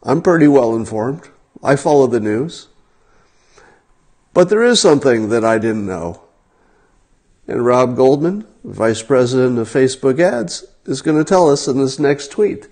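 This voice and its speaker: A man's voice: mid-range voice, expressive, unhurried, a little mellow. A man hosting a casual livestream, talking straight to his viewers in a wry, incredulous way. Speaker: livestream host.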